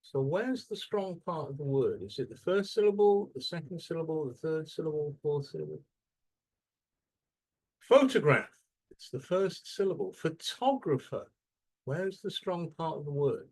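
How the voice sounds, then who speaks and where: This English teacher speaks with a slightly high voice at a normal speed, barely pausing. During the classroom lesson he fires lively questions at students and draws out word stress as he demonstrates pronunciation.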